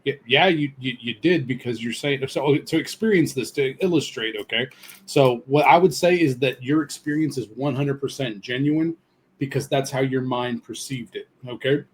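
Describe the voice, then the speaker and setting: A man co-hosting a casual podcast chat, calm and measured, reasoning skeptically. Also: mid-range voice.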